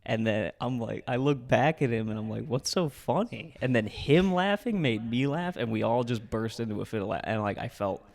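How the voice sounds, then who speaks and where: A man's voice: medium pitch, expressive, a little fast, gravelly, hardly any pauses, a little mellow. A young man telling a long funny story in casual chat, laughing and swearing as he goes. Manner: rambling, laughing, swears a lot. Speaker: storyteller guest.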